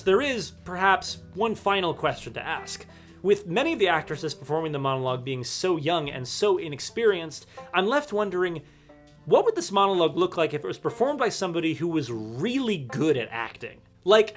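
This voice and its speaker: A man's voice: fairly high pitch, a bit bright. A man narrating a video essay in a scripted, dryly ironic way.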